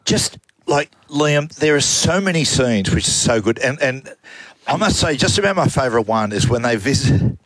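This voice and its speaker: A man hosting a casual radio talk show, telling stories in an animated, laughing way. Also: mid-range voice, normal speed, no room sound, low-quality recording.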